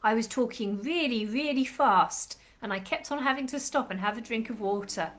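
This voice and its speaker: High-voiced woman leading a children's class. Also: normal speed, a bit bright. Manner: chatty, encouraging, sing-song greetings to children. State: slightly sore, croaky throat. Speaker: children's club leader. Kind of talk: children's live stream lesson. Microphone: live stream webcam.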